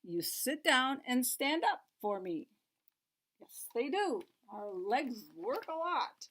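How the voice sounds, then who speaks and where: Slow, high-voiced woman reading to toddlers. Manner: playful and expressive, dropping to a soft hush for asides. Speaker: children's story time reader. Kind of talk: reading picture books aloud to small children.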